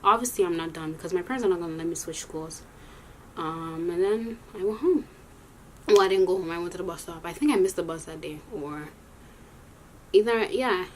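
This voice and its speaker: A woman's voice: fairly low pitch, fairly quick, darkish tone, rough recording. A young adult woman telling a story in a vlog, retelling the dialogue and acting out each side. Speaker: vlogger.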